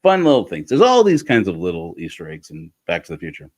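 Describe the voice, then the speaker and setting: A man's voice: low voice, wildly swooping pitch, quick pace, darkish tone. A man telling a story in a loose, casual way, often restarting and correcting himself. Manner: rambling, frequent restarts and self-corrections. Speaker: speaker giving a talk.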